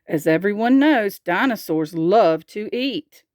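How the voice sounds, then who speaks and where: Woman reading a storybook, slow, lively pitch, dry close sound. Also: no room sound. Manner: slow and expressive, asking the listener questions. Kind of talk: reading a picture book aloud.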